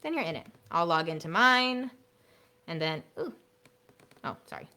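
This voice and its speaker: A woman music teacher leading a live online workshop for other teachers, chatty and playful, dropping to a soft hushed voice to demonstrate classroom routines through a computer mic. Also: on the low side, lively intonation, moderate pace.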